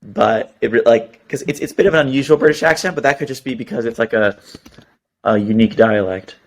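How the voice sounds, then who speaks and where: A man with a mid-pitched voice co-hosts a relaxed review chat. He talks thoughtfully and slips in dry jokes. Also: fast. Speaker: co-host.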